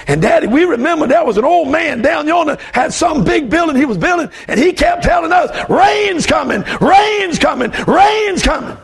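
A man voicing a frightened young boy before the flood, shouting and pleading. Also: extremely high pitch, expressive, normal speed, gravelly, hardly any pauses, pitched above the performer's own voice, heavily acted. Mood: frantic.

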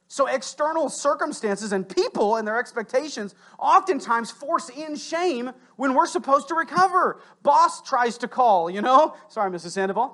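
A pastor preaching to his congregation in church, conversational with asides to listeners, swinging between loud emphatic bursts and quiet low stretches. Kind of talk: sermon. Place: church sanctuary.

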